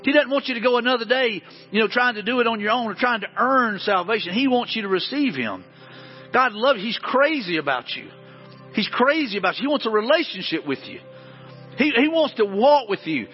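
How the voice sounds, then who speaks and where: A man's voice: very high voice, lively intonation, a little fast, long reverb tail, dull audio, faint music behind. A man preaching a sermon as pastor in a church, earnest and repetitive as he pleads with the congregation. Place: church sanctuary.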